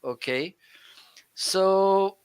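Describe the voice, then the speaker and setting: Male co-host from Portugal, unhurried and crisp, chatty explainer who laughs often, home studio mic. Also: high voice. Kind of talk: live shopping stream chat. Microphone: studio microphone.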